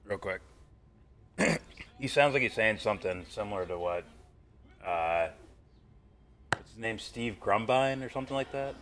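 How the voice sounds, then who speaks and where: A man's voice: on the low side, lively intonation, measured pace, pauses often, a bit bright. A man co-hosting a stream, chatting loosely and casually in reaction to a video.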